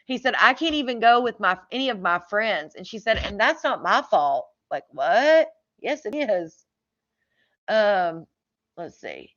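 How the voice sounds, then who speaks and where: A woman's voice: mid-range voice, animated, a little slow, pushed and bright. A woman chatting casually about a true crime case, reading out text messages with lots of "like" and incredulous asides. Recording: slightly dull lo-fi audio.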